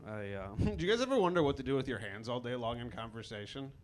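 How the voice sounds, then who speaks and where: A man from Chicago performing a stand-up comedy set, telling stories in a wry, conversational, self-deprecating way with quick asides. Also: mid-range voice, lively intonation, some chatter behind. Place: comedy club stage with a live audience.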